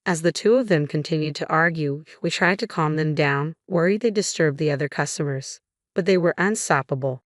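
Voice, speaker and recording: Female narrator, deep register, measured scripted storytelling, dry booth. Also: dry recording.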